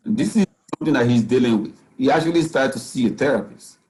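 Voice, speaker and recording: A man's voice: mid-range voice, quick pace, a little mellow, rough recording. A man, a physician speaking as guest at a parenting talk, giving earnest advice and often saying "you know.". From Nigeria.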